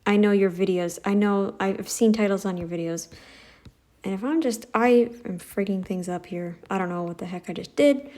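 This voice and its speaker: A woman's voice: medium pitch, normal speed, dark tone. Blunt, mocking woman commentator. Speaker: reaction commentator. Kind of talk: sarcastic reaction commentary. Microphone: phone mic.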